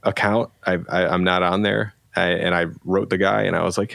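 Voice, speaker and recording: A man's voice: low-pitched, fairly even intonation, a little fast, gravelly, few pauses, a bit bright, no room sound, studio quality. A middle-aged man, a guest, telling a rambling casual story and acting out quoted lines. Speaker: guest, pedal company founder.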